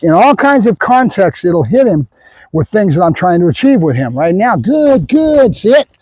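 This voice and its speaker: A man who is a dog trainer, explaining his methods in a casual way and often checking in with the viewers with a quick "right?". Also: high-pitched, sing-song, darkish tone, dry recording, low-quality recording. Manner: casual, talks to the viewers with frequent "right?" asides.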